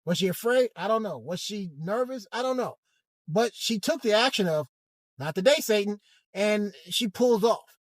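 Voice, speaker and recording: A man giving a hesitant, halting commentary monologue from inside a car, with frequent restarts. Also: high voice, expressive, dry recording. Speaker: vlogger.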